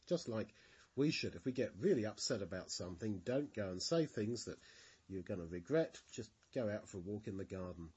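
A man telling a bible story to children in a gentle, expressive way. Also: fairly low pitch, brisk, slightly rough, lo-fi sound.

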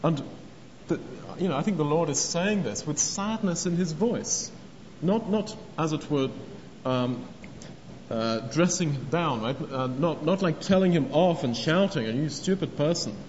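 An earnest man preaches with a fairly high voice. His words trail off into the long reverb of a large church hall, and the recording sounds dull and lo-fi, with a faint hiss underneath. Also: lively intonation, a little slow, darkish tone. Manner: earnest, acts out quoted speech. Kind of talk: sermon on a parable.

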